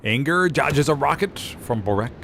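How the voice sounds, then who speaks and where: A man giving live play-by-play commentary on a game as its caster, relaxed and rambling, with loud excited bursts at big plays. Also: medium pitch, normal speed, gravelly, slight background noise. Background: game gunfire and artillery.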